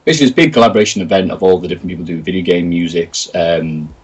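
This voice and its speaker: A man's voice: low-pitched, rapid-fire, breathy edge, recorded from a distance, poor audio. A British man telling stories in a casual interview, chatty and jokey, acting out quotes in other voices. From Britain. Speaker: interview guest, video creator.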